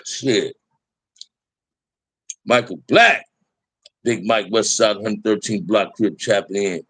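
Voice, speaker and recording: A man's voice: fairly low pitch, slow, a bit bright, husky, no echo. A middle-aged man telling prison stories in casual talk to a live chat, candid and laid-back, full of street slang.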